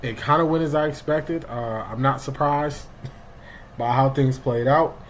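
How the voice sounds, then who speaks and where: A middle-aged man hosts a loose, talkative live stream, calling out chat names as they come in. His voice sits at an ordinary middle pitch. A faint hiss runs underneath. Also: fairly even intonation, unhurried, poor audio. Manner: greets chat viewers by name, loose and talkative. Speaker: livestream sports show host.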